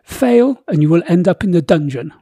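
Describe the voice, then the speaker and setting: A carefree, guffawing king from a comic storybook, bellowing his lines high and loud, as a man puts him on. The voice is dark and husky, recorded dry and close. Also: expressive, normal speed, no room sound, heavily acted. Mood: stern. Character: jolly blustering male king, careless and guffawing.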